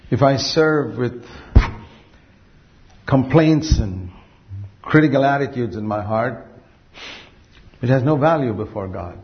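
A man preaching a sermon earnestly, asking rhetorical questions and slowing down to stress key phrases. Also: fairly low pitch, gravelly, lo-fi sound.

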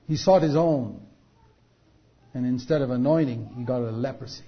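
A man preaching a sermon, building to loud, drawn-out emphasis at key points. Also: medium pitch. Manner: rises to loud, drawn-out emphasis on quoted rebukes. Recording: dull lo-fi recording.

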